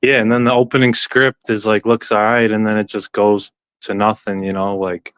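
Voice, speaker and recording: A man's voice: fairly low pitch, level tone, moderate pace, fairly bright tone, clean tone, no room sound. A man calling in to a sports show, talking in a loose, profane, rambling way. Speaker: caller. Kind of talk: casual call-in chat.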